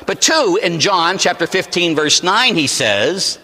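A Catholic priest in his forties from Pittsburgh, preaching a sermon with animated storytelling and rhetorical "huh?" asides. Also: sits high, a little slow, long reverb tail. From Pittsburgh, USA. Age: 40s. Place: church.

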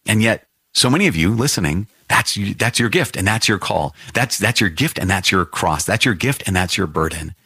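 A man's voice: deep voice, expressive, moderate pace, pushed and bright, breathy edge, dry recording, clean studio sound. A man, a priest hosting a devotional podcast, who teaches earnestly and repeats phrases for emphasis.

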